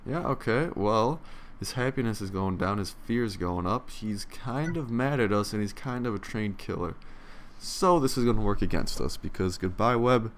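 A man's voice: fairly low pitch, lively intonation, moderate pace, a little hiss or hum. A young man giving casual gameplay commentary, profane, sarcastic and tired, grumbling at the game. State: yawning, tired. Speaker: let's play commentator.

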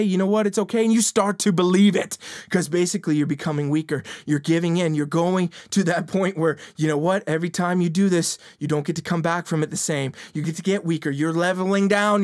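A man's voice: high-pitched, no room sound, studio quality. A man hosting a motivational fitness podcast, with a blunt, profane, fired-up delivery that keeps repeating its points. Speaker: fitness coach and podcast host.

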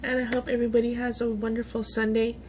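A woman's voice: on the high side, flat delivery, fast talker, a little mellow, a little hiss or hum. A woman, chatting casually on a vlog as she opens gifts, gushing, gasping and laughing. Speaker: vlogger. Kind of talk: casual unboxing chat.

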